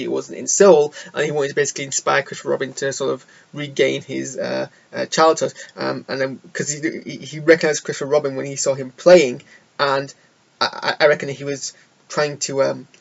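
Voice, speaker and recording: A man's voice: medium pitch, vocal fry, muffled recording. A young man casually rambling through his thoughts on a film, chatty and self-deprecating. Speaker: film reviewer. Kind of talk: casual solo film review. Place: indoor room.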